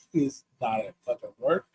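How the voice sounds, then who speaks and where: A man casually telling a profane, animated story on a podcast, laughing often. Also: medium pitch, rough recording.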